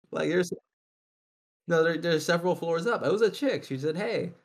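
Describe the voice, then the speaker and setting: A man's voice: a little high, moderate pace. A young man telling a rambling, profane anecdote to friends over an online call. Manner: rambling anecdote teller, swears, does loud yelling voices. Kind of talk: casual chat with friends.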